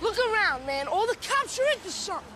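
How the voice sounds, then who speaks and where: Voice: very high-pitched, sing-song, fast talker, bright, forceful tone, slight background noise, full character voice. An actor playing a defiant, mouthy young street thief in a film clip. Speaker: film character.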